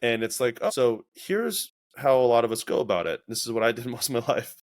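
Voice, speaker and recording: A man's voice: medium pitch, fairly quick. A man hosting a casual podcast, talking reflectively and acting out his own inner voices as he tells stories. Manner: reflective, animated storytelling with acted-out inner voices. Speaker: podcast host.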